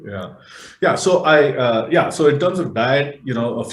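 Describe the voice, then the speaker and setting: A man's voice: mid-range voice, animated, moderate pace, reverberant, a little hiss or hum. A man speaking as an interview guest, explaining health advice at length with many fillers and restarts. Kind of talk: casual interview talk.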